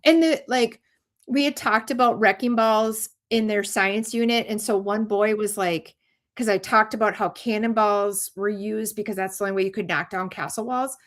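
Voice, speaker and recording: A middle-aged woman, a teacher hosting a casual chat, animated and laughing often. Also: mid-range voice, normal speed. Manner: animated, laughing, acts out kids' voices. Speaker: host, teacher.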